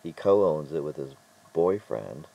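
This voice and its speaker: A middle-aged man telling stories in a casual vlog monologue, rambling and halting with frequent restarts. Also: extremely low pitch, animated, vocal fry, muffled recording. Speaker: vlogger.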